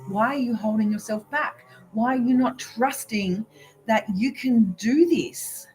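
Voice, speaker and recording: A woman's voice: fairly high pitch, a little slow, a little mellow, a little hiss or hum, poor audio. A woman who is a spiritual business coach, giving a live video reading in an emphatic, preachy way. She keeps asking "right?", giggles often and swears now and then.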